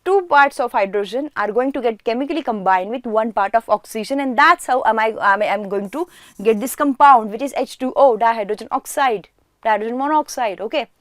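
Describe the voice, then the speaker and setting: A woman's voice: on the high side, fairly quick, fairly bright tone, no echo, clean studio sound. A woman teaching a chemistry class online, who asks questions and answers them herself and repeats key words for emphasis.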